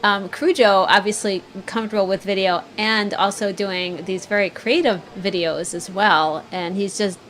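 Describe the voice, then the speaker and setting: A woman's voice: mid-range voice, steady tone, moderate pace, few pauses, a bit bright. A woman co-hosting a casual livestream chat, easygoing and laughing often. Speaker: co-host.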